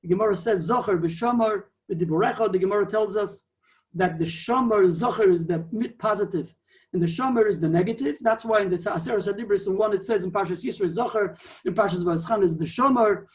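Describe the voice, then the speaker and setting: A man, a rabbi, giving a digressive, animated Talmudic lecture peppered with Hebrew and Yiddish terms. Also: high voice, brisk. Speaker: rabbi teaching a Torah class.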